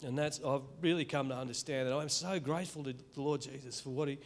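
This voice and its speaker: Speaking at medium pitch in a steady tone, a middle-aged Australian man shares a heartfelt church testimony, stopping and starting again as emotion comes through.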